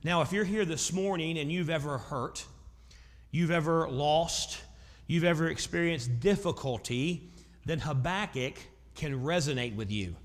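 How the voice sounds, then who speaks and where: A man preaching a sermon as pastor, growing loud and intense when he voices prayers. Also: fairly high pitch, unhurried, big-room sound.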